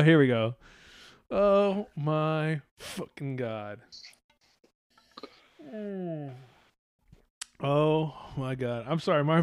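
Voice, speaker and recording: A man hosting a podcast in loose, rambling casual chat. He swears freely and breaks into laughter often. His voice sits fairly high for a man, and the sound is dry and close. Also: darkish tone, clear, resonant tone, no echo. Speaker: podcast host.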